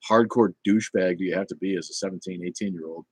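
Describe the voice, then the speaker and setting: Rambling low-voiced man hosting a livestream. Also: fairly even intonation, fast, breathy edge, dry recording. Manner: rambling, chatty, with many fillers and restarts; irreverent and blunt. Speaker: livestream host. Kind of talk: casual livestream chat reading viewer comments.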